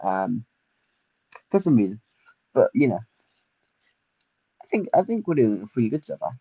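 A young man, chatting casually and excitably through a livestreamed game, self-mocking and full of fillers. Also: medium pitch, unhurried, slightly rough, no room sound, lo-fi sound. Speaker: streamer. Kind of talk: casual livestream gameplay commentary.

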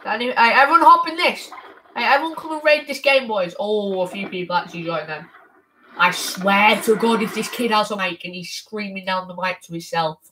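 A woman streams a game over a headset, excitable and quick to exclaim, now and then shouting. Her voice sits at a middle pitch. A steady background noise with clicks runs under her speech. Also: poor audio. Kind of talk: casual gaming stream commentary.

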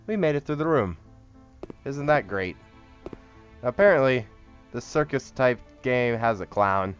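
A man's voice: medium pitch, animated, a little slow, smooth, muffled recording, faint music behind. A man giving casual, joking commentary while playing a horror game, rambling and chatting to the things on screen. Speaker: horror game let's-player.

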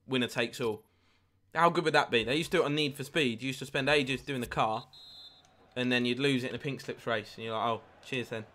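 Excitable man streaming a football game. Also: medium pitch, quick pace. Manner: excitable, swears at the game, reads out followers. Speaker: gaming streamer. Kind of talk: live gameplay commentary with chat.

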